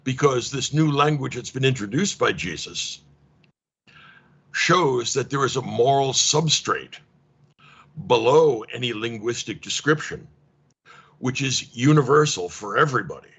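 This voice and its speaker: A man teaching a casual online seminar, wry and animated, acting out dialogues with mock exasperation. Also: mid-range voice, a little slow, creaky, breathy edge. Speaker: lecturer. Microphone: video call. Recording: lo-fi online call audio.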